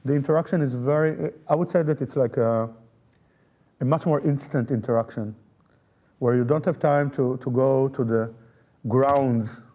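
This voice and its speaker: Mellow-voiced male festival director. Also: mid-range voice. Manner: thoughtful, with frequent fillers and repeated words. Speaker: festival artistic director and pianist. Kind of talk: interview answers.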